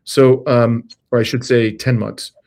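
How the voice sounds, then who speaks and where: A man hosting an interview over a video call, speaking in a measured way with frequent "uh" fillers. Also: medium pitch, level tone, darkish tone. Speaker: interview host. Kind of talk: scripted intro then interview questions.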